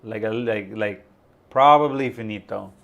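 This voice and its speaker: A man's voice: fairly low pitch, a little slow, vocal fry, dull audio. Rambling casual male streamer. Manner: rambling, chatty, filler-heavy. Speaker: crypto YouTube streamer. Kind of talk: casual live-stream chat.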